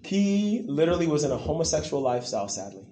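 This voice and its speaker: A man preaching a sermon in an animated way, acting out the quotes he tells and asking the crowd for replies. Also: on the high side, fast talker, a little hiss or hum. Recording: echoey room.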